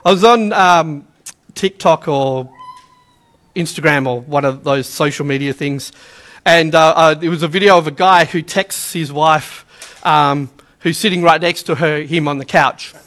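A man's voice: fairly high pitch, unhurried, a bit bright. A man preaching a sermon in a chatty, storytelling way, acting out the quotes he tells. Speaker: pastor.

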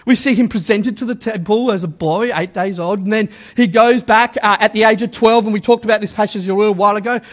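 A middle-aged man, a pastor, preaching a lively sermon and repeating his key lines for emphasis. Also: high voice, fast, hardly any pauses.

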